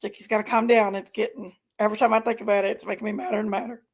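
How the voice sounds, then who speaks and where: A woman's voice: medium pitch, level tone, rapid-fire. A woman hosting a live stream, reacting to videos with indignant, exasperated commentary to her chat. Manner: indignant, exasperated, keeps apologizing to viewers.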